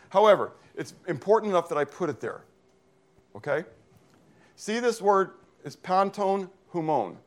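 Pastor teaching with frequent "okay?". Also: male voice, fairly high pitch. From Pennsylvania. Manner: reads scripture aloud and explains Greek words. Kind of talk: sermon. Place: church.

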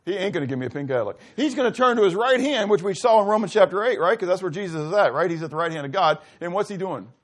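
A male pastor delivering a sermon in a casual, conversational way, often asking his congregation questions and acting out short dialogues, with his voice sinking low and soft at times. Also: fast talker, hardly any pauses.

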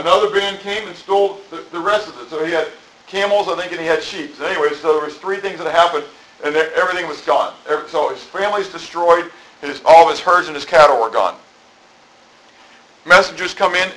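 A man's voice: fairly high pitch, quick pace, sharp tone, poor audio. A middle-aged man preaching a sermon in a conversational, rambling way, full of asides. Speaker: pastor. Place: church.

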